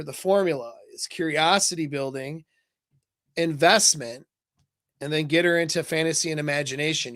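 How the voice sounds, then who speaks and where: A man's voice: on the high side, fairly bright tone, dry recording. Loose-talking male dating coach, dry sound. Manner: casual, loose, many fillers and "right?" tags. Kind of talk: live coaching talk.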